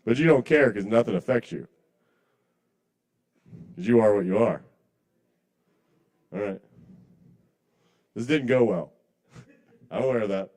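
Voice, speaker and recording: A man's voice: on the low side, a little slow, pauses often, a little mellow. A man doing stand-up comedy at a small bar's open mic night. He rambles, apologizes to the crowd and chuckles at his own jokes.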